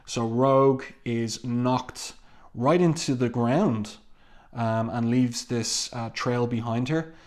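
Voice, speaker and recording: A man's voice: mid-range voice, a little mellow. Thoughtful male comic book reviewer. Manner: measured, reflective, pausing often to find words. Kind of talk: casual page-by-page commentary.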